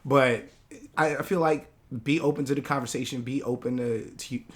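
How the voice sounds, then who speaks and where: A man's voice: medium pitch, fairly even intonation, normal speed. A man who grew up in Hawaii, a podcast guest talking casually and reflectively, often searching for his words. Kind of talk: casual conversation.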